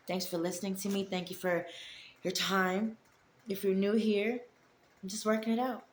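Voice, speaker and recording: A woman in her forties speaks openly and affectionately to her viewers, rambling from one thought to the next at a mid pitch. The recording sounds roomy and echoey, with a faint background hum. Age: 40s. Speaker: vlogger. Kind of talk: casual heartfelt vlog monologue.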